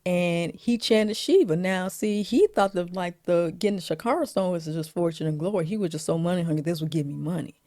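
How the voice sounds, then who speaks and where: A woman vlogger giving a casual, chatty movie recap, laughing often and filling pauses with "you know". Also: lowish voice, warm tone, no echo, clean studio sound.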